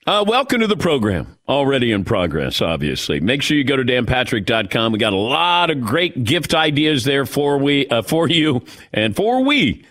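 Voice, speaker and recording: A middle-aged man hosting a sports radio show in casual chat, animated and laughing often. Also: mid-range voice, normal speed, hardly any pauses.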